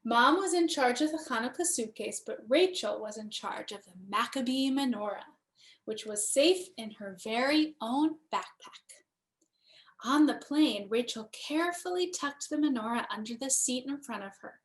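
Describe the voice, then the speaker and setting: A woman, a cantor, gently and expressively reading a children's bedtime story aloud. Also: a little high, lively intonation, normal speed.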